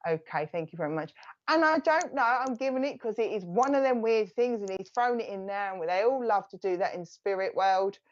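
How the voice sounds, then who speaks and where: A woman's voice: medium pitch, fairly quick, highs cut off. A woman with an Essex accent giving a live psychic reading, relaying messages in a chatty, reassuring way. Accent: Essex English. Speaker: psychic medium.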